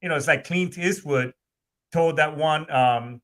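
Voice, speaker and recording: A man's voice: a little high, measured pace, a bit bright. A man in casual podcast chat, rambling with frequent restarts and blunt profanity.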